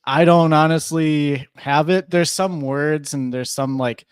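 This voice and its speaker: A man's voice: a little high, fairly even intonation, measured pace, clean tone, no echo, clean studio sound. Easygoing young man from Minnesota. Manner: easygoing, many filler words and restarts. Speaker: podcast guest. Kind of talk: casual chat.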